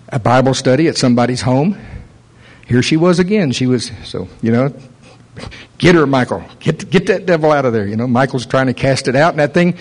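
A man with a slightly high voice preaches a sermon, captured in poor audio. He is an animated storyteller, acting out the voices of the characters in his story.

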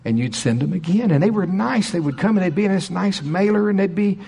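A middle-aged man preaching, telling a story in an animated way and acting out quoted people with a raised voice. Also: high-pitched, fairly quick, creaky, breathy edge. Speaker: pastor. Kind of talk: sermon storytelling.

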